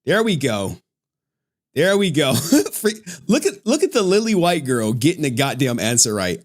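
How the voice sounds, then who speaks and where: This livestream host's voice is a little high and very animated, moving at a moderate pace. He chats casually, cracking jokes, cursing plenty and laughing often.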